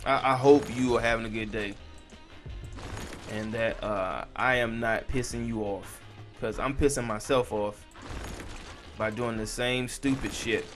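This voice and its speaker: A man's voice: mid-range voice, fairly even intonation, a little slow, pauses often, soft background music. A young man giving casual, swear-heavy let's-play commentary and chatting to his viewers while he plays. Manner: frustrated, swears a lot, talks to the viewers. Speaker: gaming channel host.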